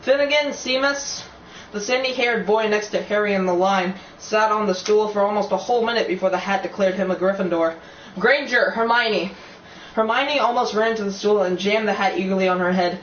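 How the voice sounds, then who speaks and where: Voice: mid-range voice, fast, hardly any pauses. An amateur audiobook reader narrating a novel, stumbling and restarting now and then, with casual asides. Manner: reads with slips and restarts, chatty asides. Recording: dull, roomy, distant recording with faint hiss.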